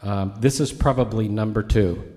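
A man's voice: on the low side, moderate pace, mellow. A man preaching a sermon as a pastor, teaching in a conversational way with asides to his congregation.

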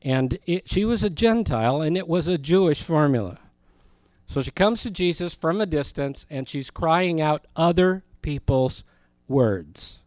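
A man's voice: on the high side, lively intonation, a little slow, a little mellow, no echo. A man teaching a Bible study in a conversational way, explaining words and asking his listeners questions.

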